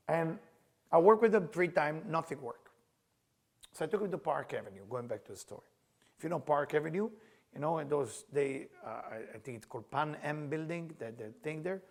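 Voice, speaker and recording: A middle-aged man with an Israeli accent, a Kabbalah teacher telling a story as a lesson and acting out the dialogue with loud, animated bursts. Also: a little high, creaky.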